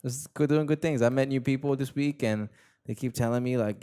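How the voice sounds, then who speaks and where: A man's voice: mid-range voice, a little fast, warm tone, clear, resonant tone. A young man hosting a casual podcast chat, rambling and slangy, often repeating himself. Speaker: podcast host.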